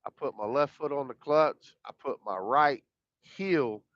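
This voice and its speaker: A man's voice: medium pitch, a little slow, a bit bright, dry recording. A man telling a personal story in a folksy, rambling, colloquial way, acting out the dialogue. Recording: dull lo-fi dry sound.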